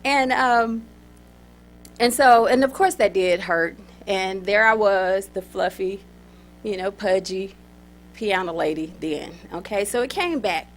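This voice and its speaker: A woman's voice: medium pitch, unhurried, slight background noise. A woman giving a humorous contest speech, talking straight to the audience, getting them to answer and laughing between lines. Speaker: contest speaker.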